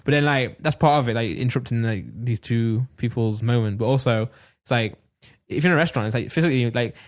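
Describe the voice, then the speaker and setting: A young man co-hosts a podcast, talking fast in a mid-range voice. His chat is casual and rambling, full of fillers and laughter.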